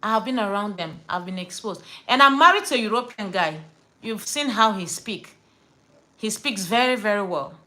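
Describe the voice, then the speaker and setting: Bright, emphatic Nigerian woman. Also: mid-range voice, expressive, moderate pace, low-quality recording. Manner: emphatic, repeats words for stress, slips into Pidgin. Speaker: vlogger. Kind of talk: casual storytime rant to camera.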